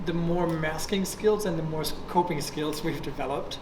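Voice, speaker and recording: A man with a fairly high voice makes a thoughtful, measured point. He is recorded from a distance in an echoey room. Clear background noise sits under him. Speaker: autistic panel participant. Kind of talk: candid group discussion.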